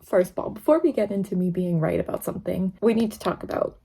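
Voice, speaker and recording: A young woman with a fairly low, gravelly, husky voice and a warm tone vlogs her reactions as she reads, talking quickly and with animation. She's a chatty, emotional book vlogger who often gets tearful and laughs a lot in this casual reading vlog.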